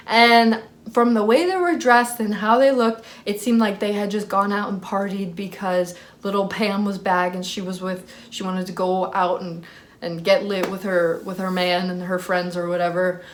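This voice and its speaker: A young woman casually telling a personal story to camera, full of fillers, acting out her own shouting. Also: moderate pace, a little hiss or hum. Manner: animated, reenacts screaming at high pitch; many fillers like "like" and "freaking". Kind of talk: casual story time vlog.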